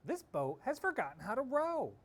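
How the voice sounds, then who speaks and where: A man voicing an eager, determined young girl in a read-aloud storybook, high and insistent. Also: huge pitch swings, moderate pace, full character voice.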